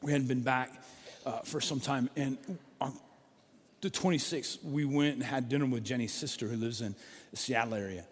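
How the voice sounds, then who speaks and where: A man preaching a sermon in a conversational, storytelling way, dropping from loud emphasis to hushed, quiet lines. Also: medium pitch, steady tone, normal speed. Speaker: pastor. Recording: long reverb of a large hall.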